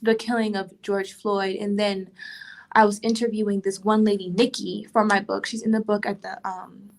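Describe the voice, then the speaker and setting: A woman author answering interview questions in a reflective, earnest way, pausing often as she thinks. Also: mid-range voice, level tone, vocal fry. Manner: thoughtful, earnest, many pauses with "um". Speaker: author and poet, interview guest.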